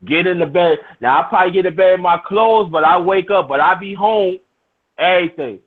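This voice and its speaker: A man's voice: high voice, brisk. A middle-aged man telling a rowdy, profane story in casual chat, full of restarts. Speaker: storyteller in a hangout. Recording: tinny, phone-like lo-fi sound.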